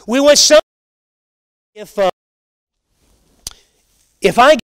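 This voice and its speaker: A man teaching a Bible lesson to a church class, earnest and halting, often restarting his sentences. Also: extremely high pitch, expressive, clean tone. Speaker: Sunday school teacher.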